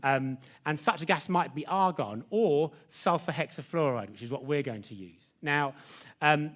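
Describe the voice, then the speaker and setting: A man's voice: fairly high pitch, normal speed, fairly bright tone. A man presenting a live science demonstration lecture, chatty and jokey, teasing his assistant. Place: lecture theatre with audience.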